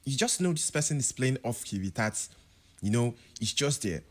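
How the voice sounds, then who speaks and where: A man teaching a piano lesson, explaining chords and now and then singing example words to show rising and falling pitch. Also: animated, moderate pace. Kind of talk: music tutorial.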